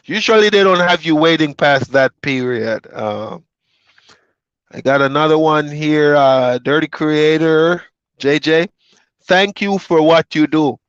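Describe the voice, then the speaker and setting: A man's voice: fairly high pitch, unhurried, clear, resonant tone, dry recording, dull audio. A man from Jamaica who drives trucks, chatting casually to his viewers and rambling through road stories with plenty of fillers. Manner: relaxed, rambling storytelling with fillers.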